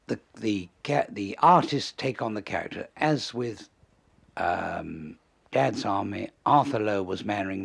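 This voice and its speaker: An older man with a gravelly, husky voice, spinning lively anecdotes as an interview guest. He tells his stories with relish and chuckles along at them. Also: lowish voice. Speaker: comedy writer, interview guest. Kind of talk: anecdotal storytelling.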